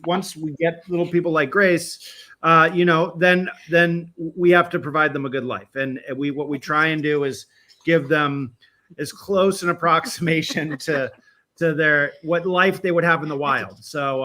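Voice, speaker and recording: A man who rescues chimpanzees speaks in a live remote interview, halting and full of restarts. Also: fairly high pitch, sharp tone. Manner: halting, many fillers and restarts.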